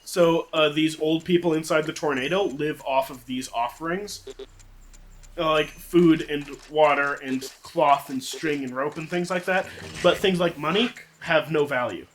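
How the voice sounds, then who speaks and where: A man's voice: a little high, a little slow, a little hiss or hum. A young adult man telling a long story in casual chat, rambling and profane.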